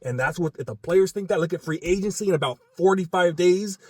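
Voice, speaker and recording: A man with a fairly high voice rants bluntly in a casual sports chat, often calling someone "dude" and "man." The sound is dry and close to the mic. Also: expressive, fast talker, few pauses, slightly rough, no echo. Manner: heated, blunt ranting. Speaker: podcast co-host.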